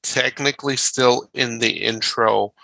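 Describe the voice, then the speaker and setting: A man's voice: mid-range voice, steady tone, measured pace, vocal fry, pushed and bright, dry recording, poor audio. A man co-hosting a podcast in a casual chat, who laughs easily and repeats words as he restarts his sentences. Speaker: podcast co-host.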